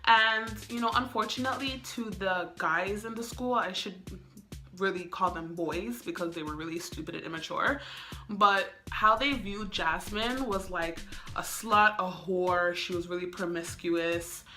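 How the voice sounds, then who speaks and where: Chatty young woman, bright voice. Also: lowish voice, unhurried, soft background music. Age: young adult. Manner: chatty, full of "like" and "um" fillers. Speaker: vlogger. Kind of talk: casual storytime.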